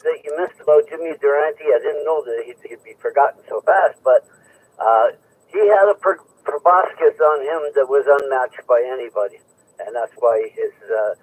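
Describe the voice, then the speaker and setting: A man's voice: mid-range voice, rough recording. A man on a ham radio net chatting in an upbeat, playful way. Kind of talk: casual radio chat.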